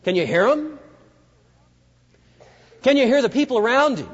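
Lively preacher storytelling a sermon. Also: male voice, very high voice, moderate pace, pauses often, breathy edge. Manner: vivid dramatic storytelling, addresses the listeners directly. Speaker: pastor. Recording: dull lo-fi recording with long hall reverb.

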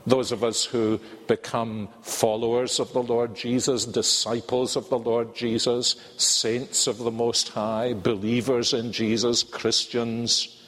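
An older man with a Scottish accent preaching a sermon in a measured, earnest way, drawing out key words. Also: lowish voice, fairly bright tone. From Scotland. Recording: reverberant hall.

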